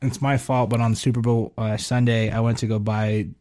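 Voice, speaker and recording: A young man hosts a podcast in easy, loose chat. His talk is slangy and relaxed, with swearing dropped in casually, at a middling pitch. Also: moderate pace. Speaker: podcast host.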